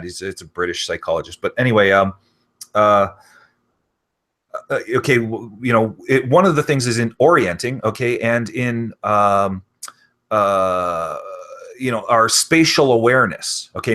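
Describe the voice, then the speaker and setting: A man's voice: on the low side, fairly bright tone. A man talking in a rambling casual conversation, full of fillers like "you know" and "okay".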